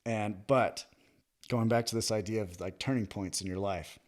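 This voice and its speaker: A man in his thirties tells stories on a podcast in a loose, chatty way. His voice sits fairly low, and he plays out every quoted line with plenty of energy. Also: moderate pace. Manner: animated, acts out quoted dialogue, laughs often. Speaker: podcast guest, military veteran. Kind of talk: casual storytelling chat.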